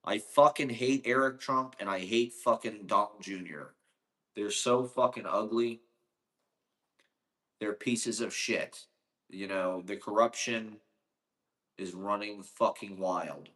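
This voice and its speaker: A man's voice: lowish voice, slow pace, pauses often, a bit bright. A man from Ohio delivering a casual, rambling monologue, profane and sarcastic.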